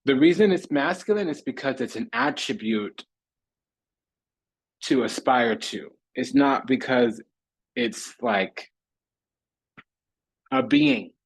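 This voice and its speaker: Husky man giving a preachy tarot reading. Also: mid-range voice, slow, long pauses, dry recording, poor audio. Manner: preachy, repetitive rhythmic lists. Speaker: tarot reader. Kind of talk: spiritual tarot reading monologue.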